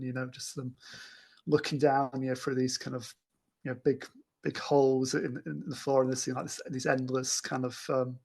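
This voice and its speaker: A man co-hosts a laid-back podcast about films, his mid-range voice carrying vocal fry. He's eager yet halting, often restarting and leaning on filler words.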